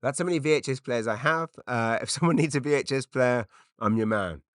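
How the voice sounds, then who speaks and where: A middle-aged English man hosting a podcast, telling rambling comic stories with quick asides and restarts. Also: medium pitch, dry recording, clean studio sound. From England. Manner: chatty, self-interrupting, quick asides. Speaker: podcast host. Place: makeshift home studio padded with cushions.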